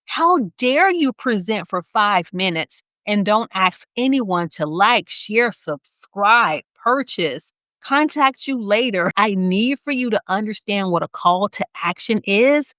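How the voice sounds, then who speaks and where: A woman with a Southern US accent teaching a motivational business lesson, speaking slowly with deliberate pauses and a smiling, energetic delivery. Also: medium pitch, no echo, clean studio sound. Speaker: business coach for nurses.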